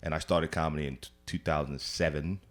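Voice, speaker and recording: A man's voice: a bass voice, steady tone, fairly quick, soft background music. A man, a comedian guest on a podcast, telling stories in casual chat and acting out the people he quotes with lots of laughter.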